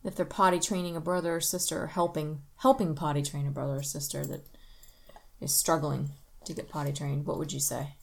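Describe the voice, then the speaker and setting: A woman hosting a casual family podcast as a mother. She gently prompts her child with leading questions. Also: low voice, fairly even intonation, brisk, gravelly.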